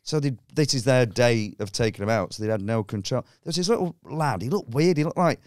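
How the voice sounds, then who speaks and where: A man chatting as a comedian guest on a podcast, an animated storyteller who acts out scenes. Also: mid-range voice, fairly quick, dry recording, clean studio sound. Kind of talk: casual podcast chat.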